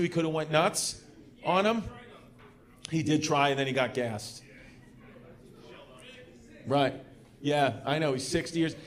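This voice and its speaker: A man doing crowd work in a stand-up comedy club, loud and laughing, then dropping to a mutter for asides. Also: a little high. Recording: live club recording with crowd noise. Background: laughing audience.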